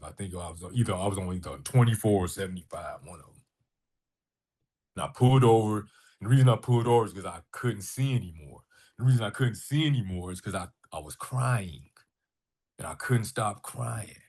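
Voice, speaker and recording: A middle-aged man, a guest on a podcast, telling a personal story with animation and acting out the dialogue. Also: fairly low pitch. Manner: animated storyteller who acts out quoted dialogue. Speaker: podcast guest, artist and filmmaker.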